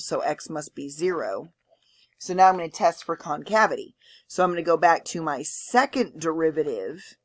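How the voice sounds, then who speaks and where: Woman, math teacher, step-by-step lecture, checks in often. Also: deep voice. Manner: explains step by step, checks in with "okay?". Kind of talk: lecture with board work.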